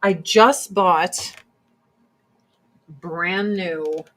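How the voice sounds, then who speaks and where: A woman's voice: lowish voice, drawn-out words, noisy background. A woman chatting casually and bluntly while doing her makeup, swearing freely as she gives her opinions. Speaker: streamer.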